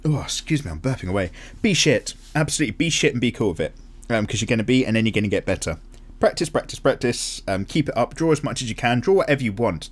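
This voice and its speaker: Lively rambling man. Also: fairly low pitch. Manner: rambling and self-deprecating; upbeat, with frequent ums. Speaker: art channel host. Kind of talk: casual chat reading viewer comments.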